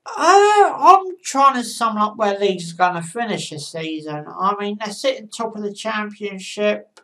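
A woman casually giving football match predictions, with a halting delivery and frequent pauses. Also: mid-range voice, bright, forceful tone. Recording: voice a bit far from the mic.

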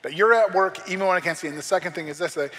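A man with a high, bright, forceful voice delivers a sermon from a church. He preaches in a conversational way and slips in joking asides. His words ring with the long reverb of a large hall. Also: racing. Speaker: pastor. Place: church sanctuary.

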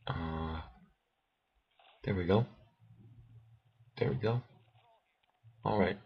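A man with a very low, husky voice talks through a stealth game in a slow, unhurried way, muttering to himself and flaring up whenever an enemy nears. The recording is dull and lo-fi, like a cheap home microphone. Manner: muttering to himself, bursts of alarm at enemies. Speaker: gameplay commentator. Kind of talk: let's play commentary.

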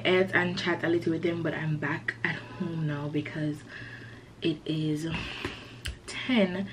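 A young college woman talks casually to her camera, her voice sitting a little low. She rambles in a chatty, open way, leaning on "like" and sounding a touch self-conscious. A faint hiss runs underneath. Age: young adult. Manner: chatty, peppered with "like". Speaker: college student vlogger. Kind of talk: casual vlog chat to camera.

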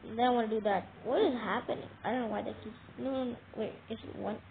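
A woman giving casual game commentary, talking straight to viewers with excitable, dramatic alarm. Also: fairly high pitch, quick pace, vocal fry. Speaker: gameplay commentator. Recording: tinny phone-like audio with faint noise.

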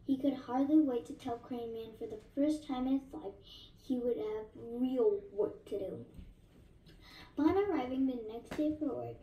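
A woman reading a novel aloud in a steady voice, with small slips she corrects. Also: a little high, distant mic. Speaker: narrator. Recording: echoey room, voice off-mic.

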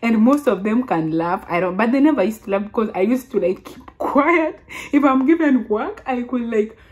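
A woman's voice: fairly high pitch, a little fast. Chatty young Kenyan woman vlogging. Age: 20s. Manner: chatty, animated, laughs often, restarts sentences. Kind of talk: casual storytelling vlog.

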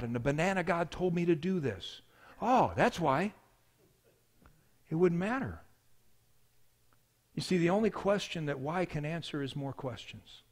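Higher-voiced preaching man. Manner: storytelling preacher, swings from hushed to loud. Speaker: pastor. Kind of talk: sermon.

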